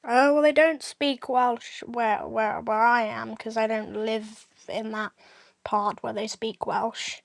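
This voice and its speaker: A woman's voice: on the high side, level tone, slow pace, creaky, no echo. A woman co-hosting a casual chat, easygoing and playful. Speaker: co-host.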